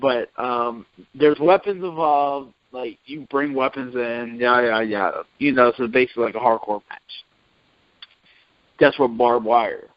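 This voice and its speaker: A man's voice: mid-range voice, a little slow, no room sound. A man chatting casually as a podcast co-host, laid-back and hesitant, with many fillers. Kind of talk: casual chat. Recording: dry lo-fi recording.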